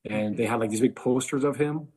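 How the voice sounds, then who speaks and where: A man's voice: mid-range voice, a little fast, warm tone, breathy edge. A man casually telling a rambling story, full of likes and ums. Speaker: guest.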